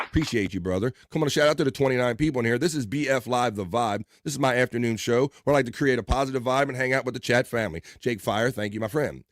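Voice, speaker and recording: A man's voice: medium pitch, quick pace, few pauses, heavy background noise. A man hosting a casual livestream, upbeat and playful as he reads out chat messages and greets viewers by name. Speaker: livestream host.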